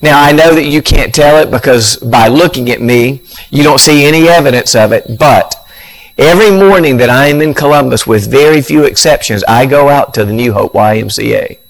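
A man's voice: mid-range voice, moderate pace, creaky, low-quality recording. A man preaching a revival sermon, reading scripture and then explaining it in a conversational tone.

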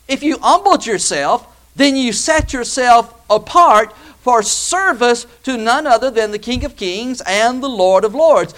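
A man delivers a sermon in a very high voice. His pitch swings widely as he presses each point. He speaks to the congregation as beloved and brother. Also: a bit bright. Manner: preachy and emphatic, addresses listeners as beloved and brother. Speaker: pastor.

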